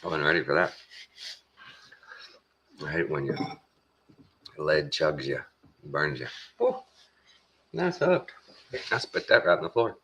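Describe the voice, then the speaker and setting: A man with a Texan accent talking casually to his viewers, meandering along with lots of pauses and folksy phrasing. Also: extremely low pitch, animated, pushed and bright, slightly rough, muffled recording. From Texas. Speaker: vlogger. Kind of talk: casual rambling monologue.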